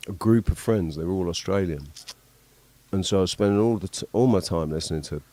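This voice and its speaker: A man chatting casually as a podcast host, rambling and halting and swearing now and then. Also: low-pitched, dark tone. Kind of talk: casual chat.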